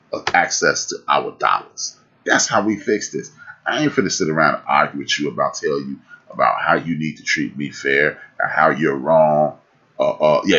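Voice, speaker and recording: Husky deep-voiced preachy man. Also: bright, forceful tone, dull audio. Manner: fiery and preachy, repeats phrases for emphasis. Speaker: podcast host. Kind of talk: live-streamed talk.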